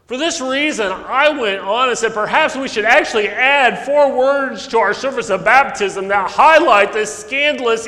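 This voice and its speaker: A male pastor preaching a sermon, telling stories earnestly, with sudden loud emphasis and soft drops. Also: very high voice. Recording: long echo of a large hall.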